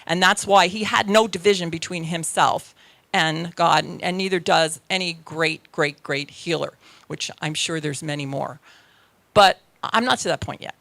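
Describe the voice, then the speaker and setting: Gravelly, bright-voiced woman minister. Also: fairly low pitch, normal speed, no echo. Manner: chatty, self-deprecating, checks in with the congregation. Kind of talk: conversational sermon.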